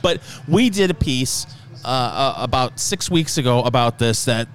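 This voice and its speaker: A man's voice: mid-range voice, lively intonation, normal speed, slight background noise. A man co-hosting a food and drink talk show, answering dryly and with good humor. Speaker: co-host.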